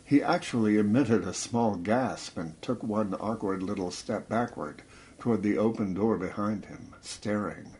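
A man narrating a novel in a measured, steady reading. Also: fairly low pitch. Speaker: audiobook narrator. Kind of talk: scripted narration.

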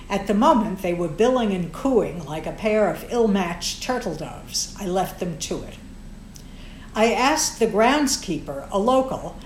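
A woman's voice: lowish voice, slight background noise. Wry woman narrating in a roomy echo. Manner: wry, sardonic. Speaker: audiobook narrator. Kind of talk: first-person fiction narration.

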